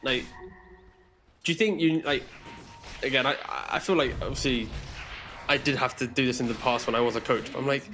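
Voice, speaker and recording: A man who is a former coach, giving relaxed color commentary in an easygoing, chatty way and laughing along. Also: mid-range voice, fairly quick, long pauses, slight background noise. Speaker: esports co-caster, former coach.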